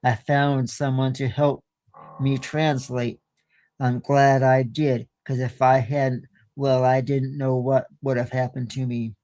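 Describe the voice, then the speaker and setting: A man hosting a show and telling a horror story slowly and deliberately, with small stumbles now and then, into a close studio mic. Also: mid-range voice, level tone, a little mellow, no room sound. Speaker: host and storyteller.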